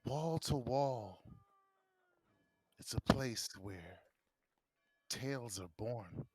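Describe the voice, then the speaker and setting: Man playing a hushed lore-lover in a tabletop game, slow breathy whisper, husky edge, dry dull sound. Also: mid-range voice, animated, heavily acted. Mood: hushed musing. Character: hushed, bookish male adventurer who loves lore.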